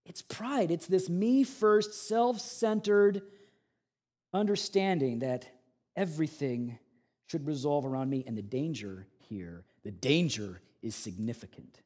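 A man in his forties preaching a sermon, animated, acting out mocking voices and swinging between loud and hushed delivery. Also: on the high side, measured pace. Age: 40s. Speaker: pastor.

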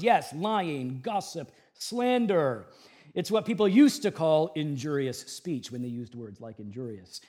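A pastor in his thirties preaching a sermon, with a humorous storytelling manner and lively shifts. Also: on the high side, unhurried.

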